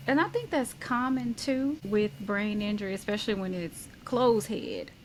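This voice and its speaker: A woman hosting an interview, asking questions calmly and affirming her guest. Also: mid-range voice, moderate pace, slight background noise, poor audio. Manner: calm, affirming listener with soft "mm-hmm"s. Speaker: podcast host. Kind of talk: conversational interview.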